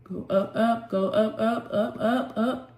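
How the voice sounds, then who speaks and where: A trading channel host runs a live session, calling out prices and urging the chart along with short prayers and terms of endearment. Her voice is a little high and darkish, steady and slow, recorded with a roomy echo and faint music.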